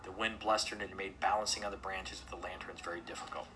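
A man's voice: sits low, level tone, quick pace, noisy background. Man reading a children's story aloud. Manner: gentle read-aloud, occasional slips and restarts. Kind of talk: storybook narration.

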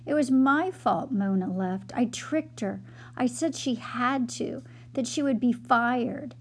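A woman's voice: on the high side, takes it slowly. A woman voicing a young female squirrel maid in a storybook, speaking earnestly and remorsefully. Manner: earnest, confessing.

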